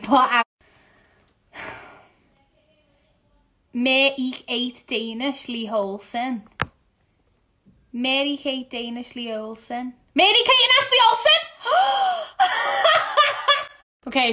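A woman's voice: on the high side, fairly even intonation, slow, long pauses, pushed and bright, slight background noise. A woman with a Scouse accent, playing a word-guessing game into her phone at home, laughing and exclaiming as she goes. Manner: laughing, exclaiming, playful swearing. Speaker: musical theatre performer. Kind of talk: casual selfie video game.

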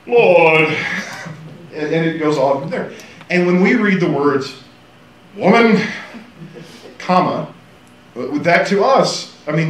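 A man teaching a casual Bible class, animated and joking, acting out quotes. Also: on the high side, distant mic. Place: church classroom. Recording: echoey room, faint hiss.

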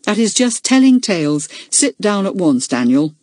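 A stern, formal teenage head boy, as a woman reading the story puts him on, his voice dropped lower and a little breathy. It is read dry and close, like a storybook audiobook. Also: sing-song, a little slow, a little mellow, no room sound. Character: stern schoolboy head boy chairing meeting.

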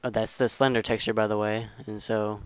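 Low flat-voiced young man explaining. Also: a little fast, clear, resonant tone, dry recording. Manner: rambling, self-correcting, relaxed instructions. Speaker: tutorial maker. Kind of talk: casual screen-recorded game tutorial.

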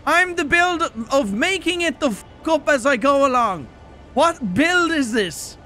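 Young male streamer, very high voice, panicky and profane, slow-paced delivery, clear music bed behind. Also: animated. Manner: panicky, yelling and swearing at chat. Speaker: gaming streamer. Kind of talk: live gameplay commentary.

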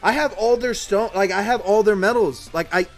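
Excitable high-voiced young man, swearing. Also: normal speed, gravelly, faint music behind. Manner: excitable, swears often, swings from gloomy muttering to shouting. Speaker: mobile game channel host. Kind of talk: casual gacha summon commentary.

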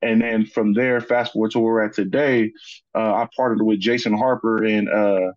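A man from Sacramento, California, a podcast guest telling a story in a relaxed, casual way, full of "you know" fillers. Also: on the low side, normal speed, no echo, dull audio.

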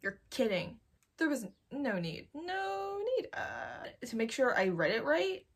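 A young woman chatting casually while browsing online, expressive and given to excited outbursts. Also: on the high side, a little slow, vocal fry, breathy edge. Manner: chatty, expressive, swings to loud excited squeals. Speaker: youtuber. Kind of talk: casual screen-recorded shopping commentary.

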